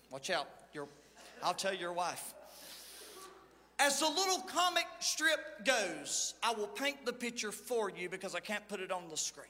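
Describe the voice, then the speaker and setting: A man, the lead pastor, preaching a sermon and telling stories, swinging between loud calls and hushed asides. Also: high voice, sing-song, measured pace, pauses often, big-room sound. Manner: playful storytelling, acting out the people in his stories.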